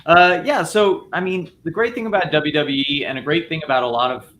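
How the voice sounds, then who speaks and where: A man talks through his ideas in long, loose sentences, circling back and restarting as he goes. His voice is bright and forceful. A faint noise sits behind the recording. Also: a little high, fairly quick. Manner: rambling, many restarts and fillers. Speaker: filmmaker guest. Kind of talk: casual panel discussion.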